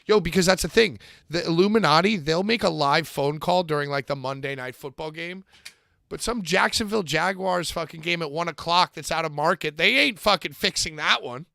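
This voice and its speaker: A man co-hosting a casual podcast, joking loudly and swearing freely. His voice is bright and gravelly, with a fairly high pitch. The sound is dry and close. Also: fairly quick, no echo. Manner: loud, joking, profane banter. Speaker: podcast co-host. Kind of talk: casual chat.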